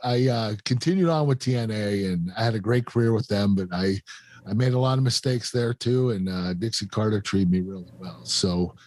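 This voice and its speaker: A man in his fifties, a podcast host, telling an emotional personal story in an earnest, halting way with many fillers and restarts. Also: lowish voice, darkish tone, dry recording. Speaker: podcast host and former wrestler.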